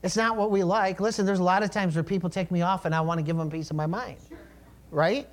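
Middle-aged male pastor, relaxed storytelling preacher, voice a touch high. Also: quick pace. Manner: conversational storytelling preaching with asides. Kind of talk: sermon.

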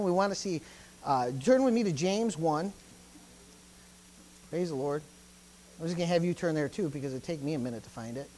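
A pastor preaching a sermon who swings between loud, emphatic lines and hushed asides and keeps repeating praise phrases. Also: mid-range voice, a little hiss or hum.

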